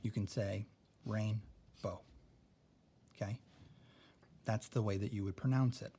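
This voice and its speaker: A man's voice: lowish voice, steady tone, dark tone. A man teaching a recorded spelling lesson, explaining patiently and checking in with "okay?" after nearly every point. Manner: explains slowly, adds "okay?" often.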